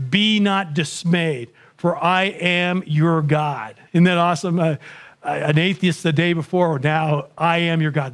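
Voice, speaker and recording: A man giving a sermon in a church, telling a conversion story in an earnest way that builds intensity. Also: on the high side. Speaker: guest speaker.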